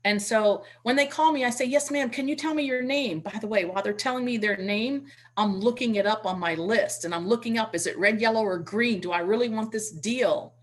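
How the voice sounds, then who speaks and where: A woman teaches real estate investing in an online webinar through a computer mic, speaking chattily at a fairly quick pace with few pauses and a medium pitch. She demonstrates using call scripts and repeats words when she restarts sentences.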